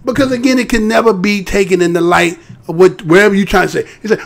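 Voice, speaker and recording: Guy ranting on his live stream, high voice, gravelly, swears a lot, jumps all over in pitch. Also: fast, few pauses. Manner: animated, profane, rhetorical, mocking voices. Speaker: live show host. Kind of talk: heated live-stream commentary.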